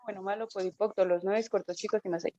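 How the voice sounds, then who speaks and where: A woman interpreting a talk live, relaxed, with hesitations and self-corrections. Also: medium pitch, rapid-fire. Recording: dull lo-fi call audio.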